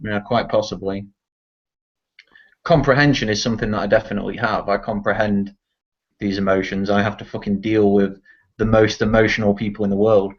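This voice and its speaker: A teen guy in casual online voice chat rants bluntly and swears a lot, speaking briskly in a fairly low, level voice. The audio is dull and lo-fi.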